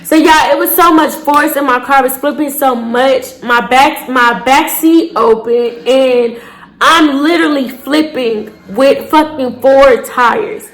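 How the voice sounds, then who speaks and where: A young woman, telling a dramatic storytime to her viewers with shouted bursts and cursing. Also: sits high, slow pace. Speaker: storytime vlogger. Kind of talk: casual storytelling to camera.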